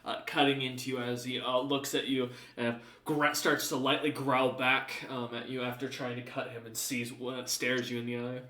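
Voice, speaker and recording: Rambling game master, echoey room. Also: male voice, mid-range voice, flat delivery, normal speed, few pauses, bright, forceful tone. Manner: rambling, full of fillers. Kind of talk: narrating a tabletop game. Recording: roomy, distant mic.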